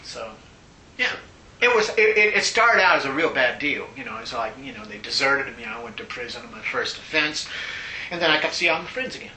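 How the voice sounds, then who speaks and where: An older man being interviewed, telling stories in a casual, animated way and laughing often. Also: a little fast. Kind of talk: casual storytelling. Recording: roomy echo, faint rumble.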